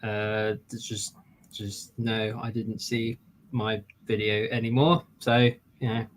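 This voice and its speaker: A man's voice: fairly low pitch, level tone, slow pace, a little hiss or hum, poor audio. A man on a casual podcast, telling a story with lots of fillers and restarts. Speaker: podcast co-host. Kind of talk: casual chat.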